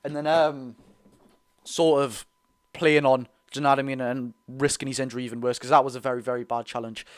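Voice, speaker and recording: A young man with a Geordie accent hosting a live football watch-along, chatty and excitable, bursting into loud reactions. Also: mid-range voice, brisk. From North East England. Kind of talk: live fan commentary.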